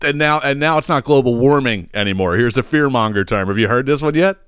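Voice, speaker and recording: A man's voice: mid-range voice, a little fast, a bit bright, smooth, dry recording, studio quality. A man hosting a podcast, ranting comically in a profane, exasperated way. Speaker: podcast host. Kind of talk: comedic rant.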